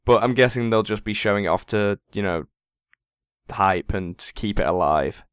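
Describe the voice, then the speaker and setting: Deep, smooth-voiced man, voice wearing thin. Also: moderate pace, no room sound. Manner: runs through a game list, dry jokes. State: voice going hoarse. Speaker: podcast co-host. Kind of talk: casual gaming podcast chat.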